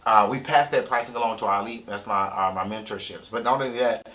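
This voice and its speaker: A middle-aged man, coaching on a live stream, excitable, repeating key points for emphasis. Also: on the low side, quick pace. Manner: breaks into loud shouting impressions. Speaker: real estate coach. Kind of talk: live-stream sales pitch.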